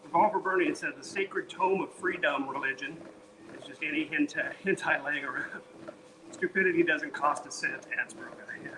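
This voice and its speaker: A man with a fairly high voice talks casually on a live stream while walking on a treadmill. He sounds tired and sweaty, reads viewers' messages aloud and banters between workout numbers. A steady background noise runs under his voice. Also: normal speed. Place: home, on a treadmill.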